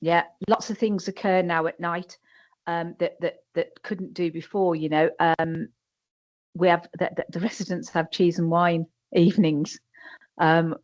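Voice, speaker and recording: A woman's voice: fairly low pitch, darkish tone, lo-fi sound. An English woman who manages a care home, speaking frankly and emphatically on a webinar panel and often repeating words as she starts a sentence.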